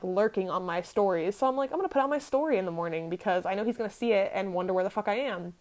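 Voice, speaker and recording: A young adult woman telling a personal story on her podcast in a candid, profane, rambling way, full of fillers. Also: mid-range voice. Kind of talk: casual storytelling.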